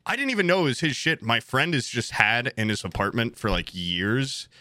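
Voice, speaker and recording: A man's voice: mid-range voice, lively intonation, normal speed, sharp tone, dry recording, clean studio sound. A young man co-hosting a podcast, chatting casually in a rambling, profane, laid-back way. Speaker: podcast co-host. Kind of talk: casual chat.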